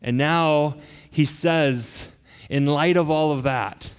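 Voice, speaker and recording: Middle-aged male pastor, earnest and emphatic sermon delivery, slightly high voice, long hall reverb. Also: slow pace, smooth. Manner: earnest, emphatic, with frequent restarts.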